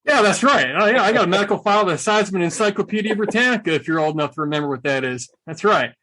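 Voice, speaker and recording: A middle-aged man telling war stories with a quick, sarcastic wit. His voice sits a little high and sounds bright and forceful. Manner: animated, joking, sarcastic storyteller. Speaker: guest, combat veteran and speaker. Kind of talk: casual storytelling interview.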